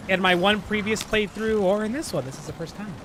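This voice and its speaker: A man streaming a video game live, chatting casually and getting excitable, swearing and laughing at his own mistakes. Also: high-pitched, noisy background. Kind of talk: live gameplay commentary.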